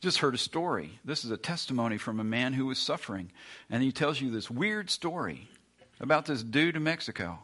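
Man, pastor, sermon, bright forceful tone, emphatic, repeats lines for effect. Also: mid-range voice, big pitch swings, a little fast, breathy edge. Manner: emphatic, repeats lines, acts out complaining listeners.

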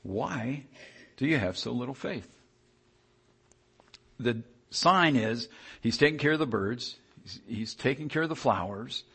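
A man preaching a sermon in a conversational, animated way, often restarting his sentences. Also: medium pitch, a little slow, gravelly, pauses often, slightly rough.

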